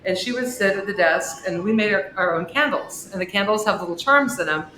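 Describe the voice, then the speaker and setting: A woman guest on a podcast, an author and shop owner, telling a personal story with big swings in pitch and volume. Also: fairly quick. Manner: expressive storyteller with wide swings in pitch and loudness. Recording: echoey room with faint noise.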